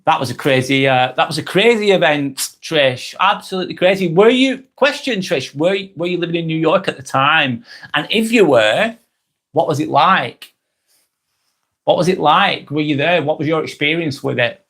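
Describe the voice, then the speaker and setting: Hosting a relaxed live stream, this middle-aged man from England speaks with a Lancashire accent in a slightly high, fairly bright, expressive voice at normal speed. His friendly chat tends to repeat itself and fade out while he reads viewers' comments aloud.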